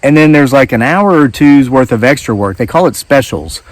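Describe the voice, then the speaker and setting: A man's voice: medium pitch, animated, moderate pace, no room sound. A man talks in an easygoing, wandering way, circling back on himself with asides. His voice sits in the middle range and sounds dry and close. Crickets chirp behind him outdoors. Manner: wry, rambling, self-interrupting storyteller. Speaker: vlogger. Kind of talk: casual storytelling monologue. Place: outdoors in woods.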